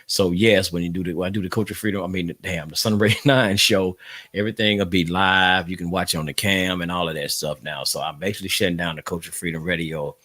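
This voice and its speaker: A man's voice: low voice, steady tone, fast, pushed and bright, no room sound, clean studio sound. A man hosting a casual livestream podcast, rambling and talking straight to his listeners. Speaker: podcast host.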